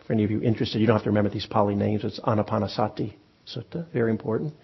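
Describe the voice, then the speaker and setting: A man teaching meditation to a group, speaking in a relaxed, conversational way with frequent pauses and restarts. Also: on the low side, vocal fry, slightly rough, dull audio. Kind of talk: dharma talk. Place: meditation hall with audience.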